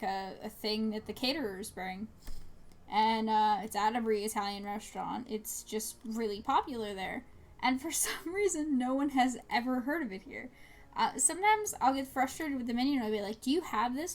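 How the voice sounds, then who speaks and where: A young woman from New Jersey, chatting casually and rambling as she streams a game, with many fillers and little laughs. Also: fairly high pitch. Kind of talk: casual chat while gaming.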